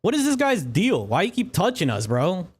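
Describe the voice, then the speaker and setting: A cocky young tough, voiced by a male game master, who sneers at a stranger and talks down to him in street slang. His voice is pitched well above the performer's usual tone. Every line comes out loud and scornful. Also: huge pitch swings, normal speed, slightly rough, exaggerated voice. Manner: jeering street talk.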